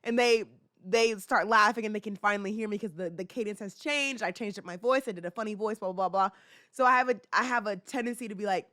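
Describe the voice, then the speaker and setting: A woman's voice: mid-range voice, quick pace, bright, forceful tone, dry recording, studio quality. A young woman in her twenties hosting a podcast, chatting casually and rambling with fillers and laughs. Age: 20s. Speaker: podcast host. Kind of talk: casual chat.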